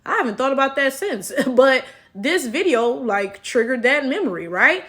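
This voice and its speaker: A Black American woman in her thirties giving casual, animated commentary straight to her viewers. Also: sits high, moderate pace. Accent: African American. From United States. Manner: animated, talks straight to viewers with y'all and right. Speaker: commentary vlogger.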